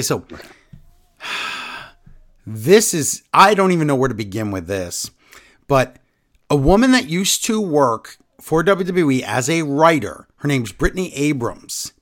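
A man co-hosting a wrestling podcast in casual chat, animated and rattling off news in quick bursts. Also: a little high. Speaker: podcast co-host.

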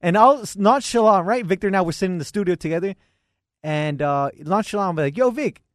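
Male podcast co-host, high and animated, excitable, laughs a lot, dry close mic. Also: fairly quick, no echo. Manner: excitable, laughing, mock-lecturing storyteller. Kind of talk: casual podcast banter.

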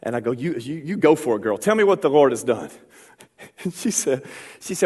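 A man preaching a sermon as pastor, calling for responses from the congregation and building to shouts. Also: mid-range voice, big pitch swings, moderate pace, slightly rough, long reverb tail. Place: church.

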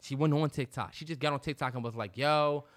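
A man's voice: mid-range voice, fast talker. A man co-hosting a podcast, talking in a laid-back, slangy way and teasing his co-host. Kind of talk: casual chat.

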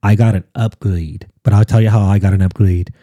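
A man with a very dark, husky voice tells a personal story as a podcast guest. He talks casually and animatedly, slipping into other people's voices. The recording is very dry and close. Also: fairly low pitch, brisk, dry recording. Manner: animated, acts out quotes, many fillers.

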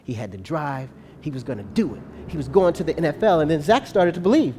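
An animated preacher tells a long story during a sermon, addressing the congregation in a loose, conversational way with frequent tag questions. His average-pitched voice often drops lower and quieter, the pace is quick, and there's slight background noise.

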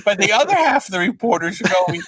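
A middle-aged man, a comic book writer guest, telling anecdotes in a lively way and acting out the lines of the people in them. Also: high voice, fast, slightly rough, dry recording. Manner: lively storyteller who acts out other people's lines.

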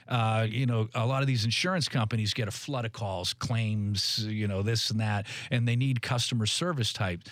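A man's voice: lowish voice, normal speed, few pauses, no echo. Guy hosting talk radio, chatty upbeat, dry mic. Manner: upbeat, conversational, salesy. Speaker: radio show host.

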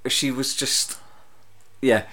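A man's voice: mid-range voice, steady tone, slow, a crowd in the background. A man in casual comedic chat, a dry grumbler telling a story and mimicking other people.

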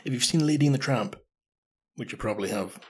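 A man's voice: mid-range voice, quick pace, breathy edge. A man in his thirties hosting a podcast, chatting through a story in a casual, self-mocking way and swearing freely. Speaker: podcast host.

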